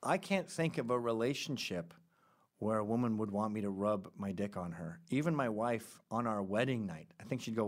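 A man's voice: on the low side, animated, normal speed. Irreverent rambling male podcast host. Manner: rambling, irreverent, jumps between topics. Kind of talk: casual podcast commentary.

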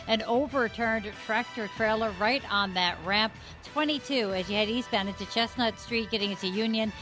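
A woman with a New Jersey accent giving a brisk radio traffic report and a sponsor read. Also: mid-range voice, poor audio. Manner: brisk, steady rundown. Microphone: studio microphone.

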